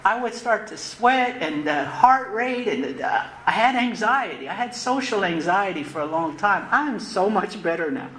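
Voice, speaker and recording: A woman's voice: medium pitch, expressive, fairly bright tone. Earnest woman speaking in an echoey room. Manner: earnest and reflective, repeats phrases, halting restarts. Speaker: closing speaker at a recovery convention. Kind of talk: personal recovery share, spoken from the podium. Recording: roomy live talk recording with faint noise.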